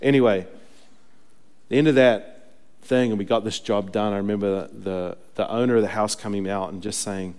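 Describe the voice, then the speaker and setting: A man's voice: on the low side, steady tone, normal speed, a little mellow, clear, resonant tone. A young adult male pastor preaching a sermon, telling stories casually and then building to emphatic preaching. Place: church sanctuary. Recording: long reverb of a church hall.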